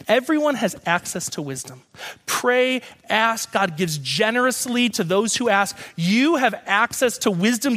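High-voiced, animated young male preacher. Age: young adult. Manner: animated storytelling, acts out quoted voices. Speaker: guest speaker. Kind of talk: sermon.

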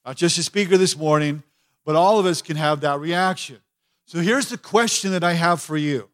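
A man preaching a sermon as pastor, emphatic and expressive, acting out anguished prayers with repeated words. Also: fairly high pitch, moderate pace. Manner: expressive preaching, voicing pleading prayers to God.

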